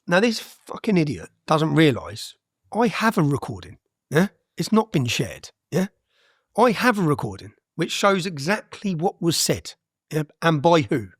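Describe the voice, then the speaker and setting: A man's voice: a little high, big pitch swings, a little slow, slightly rough, no echo, studio quality. A man, a guest on an interview podcast, telling his story bluntly and with energy, with frequent "yeah?" tags and some swearing.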